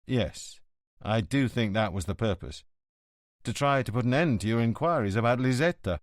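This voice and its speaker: A man voicing a calm, direct middle-aged police inspector who speaks in a level, plain-spoken way. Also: mid-range voice, normal speed, dry recording, clean studio sound, lightly acted.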